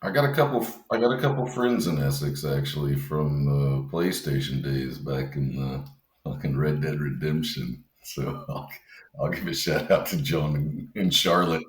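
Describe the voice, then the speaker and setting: A man's voice: rumbling low, normal speed, reverberant. A man co-hosting a podcast in casual chat, easygoing, laughing often and swearing freely. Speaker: podcast co-host.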